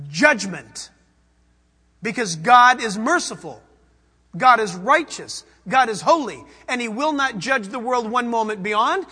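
High, bright-voiced preaching man, hall echo. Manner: dramatic, swings from hushed to loud emphasis. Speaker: pastor. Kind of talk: sermon.

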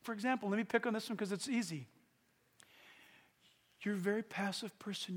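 A man preaching a sermon as pastor, animated and swinging from hushed asides to shouts. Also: high-pitched, brisk, big-room sound. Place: church.

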